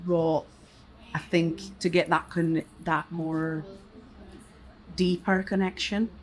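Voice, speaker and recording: A woman's voice: on the low side, flat delivery, takes it slowly. A woman from Mexico answering interview questions in a chatty way, laughing between thoughts.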